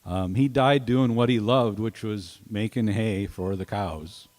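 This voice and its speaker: Between songs at an open mic, a soft-spoken singer-songwriter talks slowly in a fairly low voice, halting with lots of pauses and fillers. He uses a stand microphone on a small indoor arts venue stage, with guitar playing in the background.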